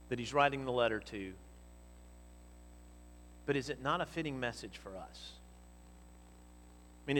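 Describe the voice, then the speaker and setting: A man preaching a sermon. He speaks with emphasis, rising to loud exhortation and dropping to quiet teaching. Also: mid-range voice, slight background noise. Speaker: pastor. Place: church hall. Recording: long reverb of a church hall.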